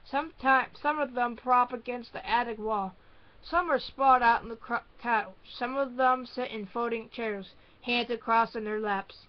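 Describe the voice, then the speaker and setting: A woman reading a spooky children's book aloud in first person, halting and restarting often. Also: fairly high pitch, dull audio. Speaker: storybook reader.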